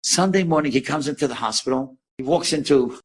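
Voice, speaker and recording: A rabbi telling an inspiring story to listeners, animated and lively, acting out the people in it. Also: male voice, medium pitch, a little fast. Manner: animated storyteller who acts out quoted voices.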